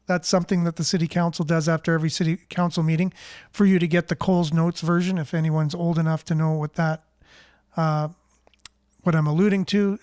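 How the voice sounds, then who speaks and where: A man hosting a casual local news roundup, reading out viewer comments in a relaxed, rambling way. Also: sits high, smooth, dry recording, clean studio sound. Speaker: host of a local news show.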